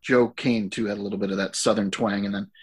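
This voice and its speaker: A podcast co-host in a casual movie-review chat, relaxed and agreeable. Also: deep voice, fast.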